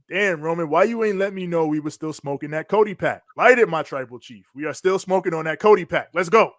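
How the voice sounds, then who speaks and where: A man's voice: a little high, a little fast, few pauses, no room sound, studio quality. A man co-hosting a podcast, animatedly recapping wrestling in casual slang and acting out quotes. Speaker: podcast co-host.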